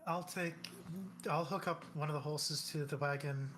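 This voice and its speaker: Bright chatty guy at the game table, slight hiss behind. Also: fairly high pitch, fairly even intonation, normal speed. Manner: joking, chatty. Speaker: player. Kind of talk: casual game-table chat.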